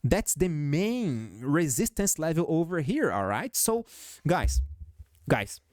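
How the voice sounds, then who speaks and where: Lively accented man breaking down stock charts. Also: on the high side, slow pace, dry recording, clean studio sound. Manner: peppers talk with "okay?", "right?" and "guys"; speaks with a noticeable foreign accent. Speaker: stock market analyst host. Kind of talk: technical chart analysis commentary.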